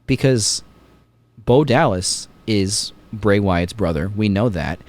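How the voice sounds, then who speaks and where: A man's voice: lowish voice, animated, slow pace. A man hosting a podcast, chatting casually and jokingly retelling scenes with many fillers. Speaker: podcast host. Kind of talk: casual chat.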